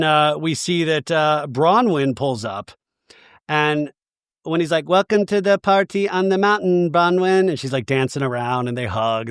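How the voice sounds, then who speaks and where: A man's voice: fairly high pitch, clean tone, no room sound, clean studio sound. A man hosting a podcast, recapping a TV show in a chatty, gushing way and acting out what people said. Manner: animated, gushing, acts out quotes. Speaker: podcast host. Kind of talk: casual TV recap.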